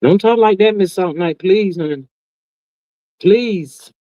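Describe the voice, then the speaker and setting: A woman hosting a casual livestream, reading viewer comments aloud and reacting in a sassy, drawn-out way, calling everyone "child" and "honey". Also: medium pitch, dark tone, dry recording. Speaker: livestream host. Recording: dull, lo-fi, dry sound.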